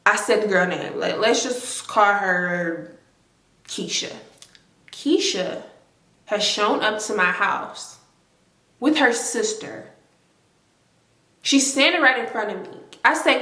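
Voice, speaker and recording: A woman in her twenties telling a story to her viewers, animated and emphatic, with lots of swearing. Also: mid-range voice, takes it slowly, pauses often. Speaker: vlogger. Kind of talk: casual storytime. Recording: roomy echo.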